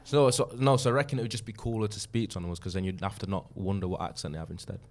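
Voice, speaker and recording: A man co-hosting a football podcast, rambling through an odd question and trailing off softly. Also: low voice, fairly even intonation, rapid-fire. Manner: rambling, tails off quietly at line ends. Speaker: podcast co-host. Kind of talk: casual chat.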